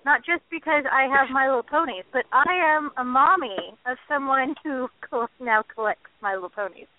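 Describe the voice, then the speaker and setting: A woman's voice: high voice, normal speed, no room sound. A woman co-hosting a podcast in casual chat, rambling and restarting her sentences as she goes. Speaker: podcast co-host. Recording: dry, tinny phone-like line.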